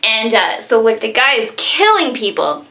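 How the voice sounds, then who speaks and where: Giggly bright-voiced young woman. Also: a little high, sing-song, moderate pace, vocal fry. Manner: bubbly and giggly, many fillers. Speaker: horror movie reviewer. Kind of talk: casual vlog review.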